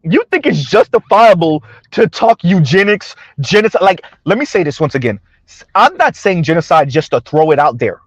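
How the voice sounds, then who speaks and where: A man's voice: on the high side, big pitch swings, normal speed, no room sound, muffled recording. A man hosting a casual commentary vlog, talking mockingly to his viewers, laughing often and asking "right?" over and over. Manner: addresses viewers directly. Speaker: commentary channel host.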